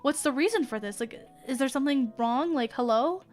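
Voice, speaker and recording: An earnest teenage schoolgirl speaks plainly and directly, pleading to understand, as a woman streamer quotes her in her own fairly high voice. Soft music plays faintly behind. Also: a little fast, close to an everyday voice.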